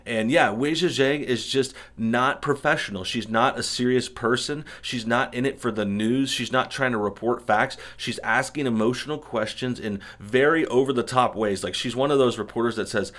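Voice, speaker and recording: A man's voice: medium pitch, normal speed, hardly any pauses, fairly bright tone. A man hosting an opinionated commentary show, talking indignantly in a string of rhetorical questions. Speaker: political commentary host. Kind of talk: opinionated commentary over news clips.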